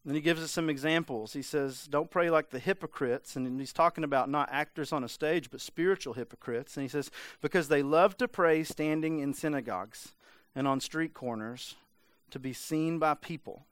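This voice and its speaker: A pastor with a fairly high male voice delivers a casual, conversational sermon at a moderate pace, with no echo in the recording. He fills his talk with "like" and mimics voices playfully for humor.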